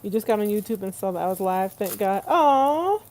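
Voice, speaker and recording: A woman's voice: medium pitch, little pitch movement, quick pace, poor audio. Chatty woman livestreaming from her kitchen. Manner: chatty, warm-hearted, laughs often, talks to viewers directly. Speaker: vlogger hosting a livestream. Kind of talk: casual livestream chat while cooking. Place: home kitchen, rain outside. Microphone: phone set on the counter.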